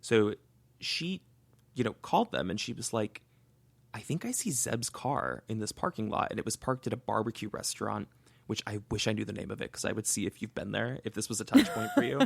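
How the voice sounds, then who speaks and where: A man's voice: fairly low pitch, big pitch swings, fast talker, gravelly, slightly rough, no room sound. A man co-hosting a true-crime podcast, thinking aloud as he retells a case in casual chat. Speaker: podcast co-host.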